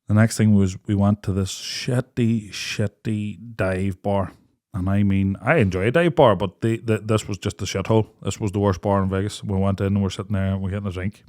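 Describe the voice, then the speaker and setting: A man's voice: on the low side, steady tone, normal speed, a little mellow. An Irish man, a young adult podcast co-host, telling a night-out story in casual chat, swearing freely and acting out quotes between bursts of laughter. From Ireland.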